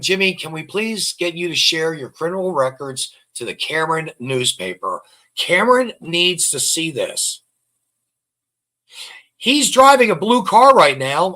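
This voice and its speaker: A man's voice: a little high, pushed and bright. A man hosting an online show, rambling through public records with scorn and repeating himself. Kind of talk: casual commentary reading out records.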